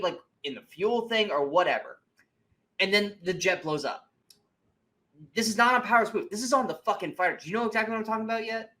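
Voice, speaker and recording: This man's voice sits high as he co-hosts a podcast reviewing movies. It's loose, animated conversation, laced with profanity, where he reenacts scenes in derisive voices.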